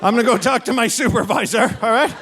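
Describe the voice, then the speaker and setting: A man's voice: extremely high pitch, fast talker, a bit bright, a little hiss or hum. A man in his forties doing stand-up comedy, telling a rowdy story with constant "all right?" asides. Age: 40s. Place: comedy venue with a live audience.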